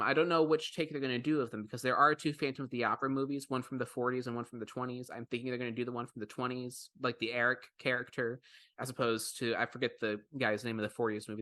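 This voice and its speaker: Upbeat guy rambling on a podcast, bright voice, dry close sound. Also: medium pitch, dry recording. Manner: enthusiastic, rambling with restarts. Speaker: podcast co-host. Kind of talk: casual podcast chat.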